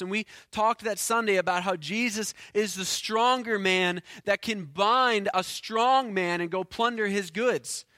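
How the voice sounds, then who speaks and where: A man preaching from the pulpit in a high, bright, ringing voice. He swings from forceful emphasis to low, quiet intensity and stumbles through repeated words. The sound is close and dry, with no room echo. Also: measured pace, hardly any pauses. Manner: earnest, builds to forceful emphasis then drops low and quiet. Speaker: pastor. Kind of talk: sermon.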